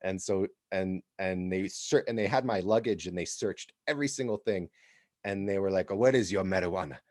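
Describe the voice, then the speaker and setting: An American man hosting a podcast, telling a travel story in an animated, casual way and laughing as he goes. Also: low-pitched, moderate pace, no room sound, studio quality. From United States. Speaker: podcast host.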